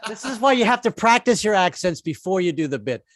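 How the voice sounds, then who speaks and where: A man's voice: high-pitched, very animated, brisk, no echo, clean studio sound. A man in his fifties doing a stand-up comedy set, rambling and self-mocking, with many restarts.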